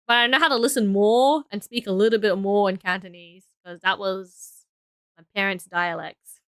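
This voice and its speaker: A woman's voice: on the high side, bright, forceful tone, clear, resonant tone, dry recording. A young woman streaming, chatting casually with viewers while building, rambling and correcting herself as she goes. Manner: rambling, unsure and self-correcting. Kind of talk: casual live-stream chat.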